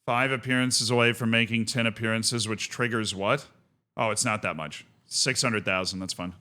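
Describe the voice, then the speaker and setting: A man streaming a football management game, swinging between low muttering and shouted play-by-play commentary. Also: steady tone, moderate pace. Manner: bursts into shouted play-by-play, then mutters to himself.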